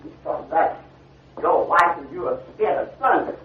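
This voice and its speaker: A man's voice: on the high side, expressive, moderate pace, slight background noise. An older man preaching to a class, stopping again and again to ask whether his listeners see the point. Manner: call-and-response, keeps asking "you see?". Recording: dull old 1970 lecture tape.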